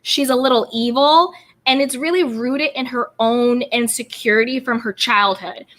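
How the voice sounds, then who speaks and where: A woman's voice: on the high side, normal speed, a bit bright. A woman hosting a live stream, chatting about reality TV in a bubbly way and greeting viewers by name. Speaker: YouTube host. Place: California home.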